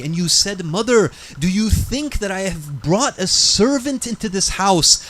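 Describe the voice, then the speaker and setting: A man preacher voicing an old mother who tells of her hurt quietly and from the heart. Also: high-pitched, voice pushed up, exaggerated voice.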